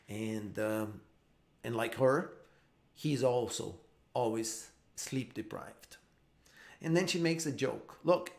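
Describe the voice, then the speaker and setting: A man teaching English in a live online session, explaining patiently and going over each point more than once. He has a mid-pitched voice and restarts his sentences often. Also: creaky. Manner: explains slowly with repeats and restarts.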